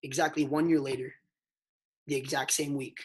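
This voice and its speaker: On a mentorship call, a network marketing mentor tells a motivational story in a mid-range voice at normal speed. He's emphatic and excitable, swinging between hushed and loud, and keeps calling his listeners "bro."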